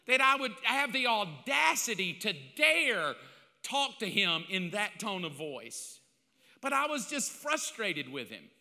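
An older man, a pastor, telling a personal story in a sermon, confessional and self-mocking, swinging between loud outbursts and hushed asides. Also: high-pitched, sing-song, takes it slowly, in a large hall.

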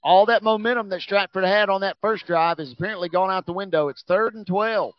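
Male play-by-play caller, higher voice, energetic, dry lo-fi broadcast sound. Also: a little fast. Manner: energetic, rising on big plays. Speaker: play-by-play announcer. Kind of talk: high school football commentary.

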